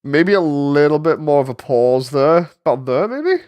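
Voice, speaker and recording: A man with a stuffy, congested voice from a cold, a 3D animator and channel host, chats casually while editing an animation. His voice is a little high and darkish, with lively intonation at a moderate pace, and he rambles and thinks aloud with frequent fillers.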